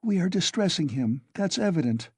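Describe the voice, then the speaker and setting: A young woman, gentle yet proud, voiced by a man reading aloud. She speaks softly and firmly, above the narrator's usual pitch. The sound is close and dry. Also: very animated, normal speed, slightly rough, dry recording, heavily acted. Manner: soft but firm.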